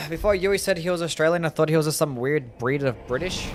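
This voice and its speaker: A man's voice: a little high, steady tone, a little fast, over music. A young man casually commenting on a game live, musing aloud and answering viewer questions. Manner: laid-back, musing, answers chat questions. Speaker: streamer.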